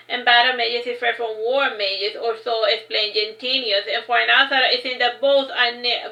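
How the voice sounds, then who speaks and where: A woman's voice: a little high, sharp tone, echoey room, low-quality recording. A woman reading her own fantasy novel aloud in first person, unpolished, with frequent restarts.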